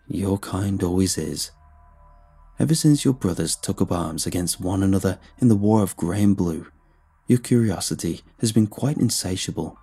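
A man voicing a menacing ancient shapeshifting being who poses as a male hermit, speaking slowly, low and ominous. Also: expressive, creaky, dark tone, husky, soft background music, full character voice.

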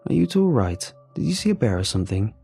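A friendly male forest ranger in a spoken horror story, easygoing and reassuring with the people he meets, as a man narrating puts him on. The voice sits low, with a dark, husky grain. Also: very animated, quick pace, soft background music, heavily acted.

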